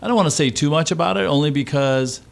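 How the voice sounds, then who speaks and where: A man chatting as a guest in a radio interview, relaxed and easygoing, rambling with fillers. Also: a little high, fast talker, gravelly. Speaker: guest performer. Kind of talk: casual interview chat.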